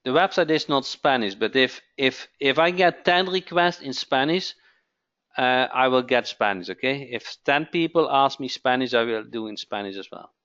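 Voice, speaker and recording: A man hosting a live webinar sales pitch, who keeps asking "okay?" and repeats his phrases. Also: lively intonation, normal speed, fairly bright tone, highs cut off. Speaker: webinar host.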